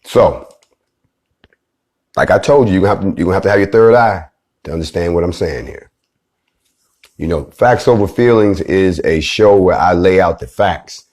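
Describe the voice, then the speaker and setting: A man delivering a fiery, profane monologue, swinging between loud outbursts and low, grave preaching. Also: animated, normal speed, long pauses. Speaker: movement leader giving a speech.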